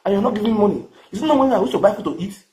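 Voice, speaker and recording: A Nigerian-accented vlogger rants to camera, boastful, crude, and mocking, repeating his phrases. His voice is high with a darkish tone, his intonation lively, and he races along.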